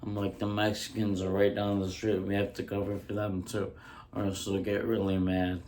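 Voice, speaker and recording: A man doing a casual home-recorded ASMR stand-up bit, rambling through deadpan jokes with frequent ums, close on a handheld mic. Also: on the low side, moderate pace. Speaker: stand-up comedian. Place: indoors at home.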